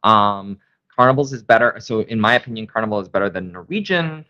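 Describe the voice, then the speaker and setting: A man co-hosting a casual live stream, hoarse, enthusiastic and rambling with many fillers. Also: fairly low pitch, animated, brisk, sharp tone, muffled recording. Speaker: co-host.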